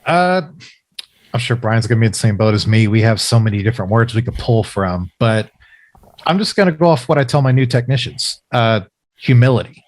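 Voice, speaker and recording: A man who is a biomed and podcast host, giving thoughtful, measured advice in a casual chat. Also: mid-range voice, animated, darkish tone, no room sound.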